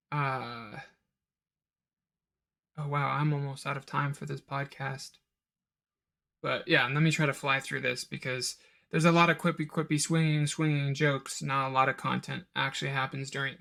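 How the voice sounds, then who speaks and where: A man records a solo podcast review of a film in a casual, rambling way. His voice sits a little high, and he talks at an unhurried pace. He keeps breaking off for asides and mock-quotes characters in a raised voice. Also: vocal fry, a bit bright. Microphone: home recording of a live stream.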